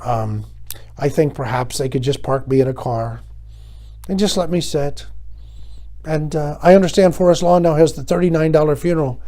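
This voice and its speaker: Older male host, sardonic rambling monologue, jumps from loud to muttered. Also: on the high side, moderate pace. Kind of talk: comic monologue.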